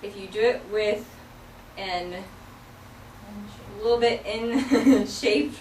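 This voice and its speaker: A woman's voice: medium pitch, extremely slow, a little mellow, a little hiss or hum. A woman teaching a sign language vocabulary lesson in a classroom, explaining each sign patiently, step by step, with many fillers. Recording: echoey classroom from far off.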